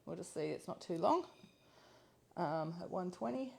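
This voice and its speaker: A woman's voice: expressive, moderate pace, gravelly, a little mellow, breathy edge. Chatty woman hosting a kitchen livestream. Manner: chatty, laughs easily, thinks aloud with ums. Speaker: cooking class host. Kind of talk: live cooking demonstration. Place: home kitchen. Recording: low-quality livestream audio.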